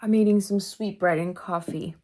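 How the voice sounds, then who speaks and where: A woman's voice: medium pitch, fairly even intonation, normal speed, mellow. A young woman vlogging casually to camera about her art and market finds, chatty and giggly. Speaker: vlogger and artist. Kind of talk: casual vlog talk to camera. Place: car.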